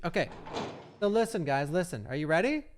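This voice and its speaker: Animated male gaming streamer, lively pitch swings, game music behind. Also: a little fast. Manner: excitable, animated, chatty with viewers. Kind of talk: live gameplay commentary.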